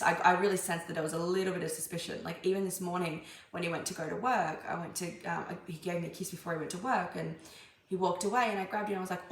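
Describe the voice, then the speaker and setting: Chatty woman in echoey room. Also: lowish voice. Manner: chatty, rambling, many fillers and restarts. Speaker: tarot reader. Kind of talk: casual spoken tarot reading. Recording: echoey room, faint background noise.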